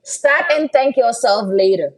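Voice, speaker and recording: A woman's voice: fairly high pitch, lively intonation, measured pace. A woman and mother chatting on a live stream, encouraging viewers and often ending lines with "right?". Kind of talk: casual live-stream chat.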